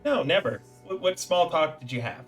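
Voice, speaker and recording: Bright, teasing man running the game. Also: a little high, soft background music. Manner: teasing, animated, quick to laugh. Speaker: game master and streamer. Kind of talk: casual tabletop game mastering on stream.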